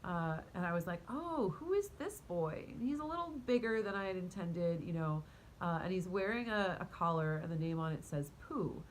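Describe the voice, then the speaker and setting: A woman casually telling a story to her viewers in a rambling, animated way, full of fillers, restarts and quick laughs. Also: on the low side, a little hiss or hum, poor audio. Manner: talks to her cat mid-story. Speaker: vlogger and spiritual coach.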